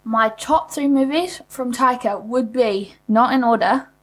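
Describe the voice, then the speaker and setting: A woman's voice: on the high side, unhurried, noisy background. A young woman with a New Zealand accent co-hosting a casual podcast, cheeky and full of slang. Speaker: podcast co-host. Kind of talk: casual chat.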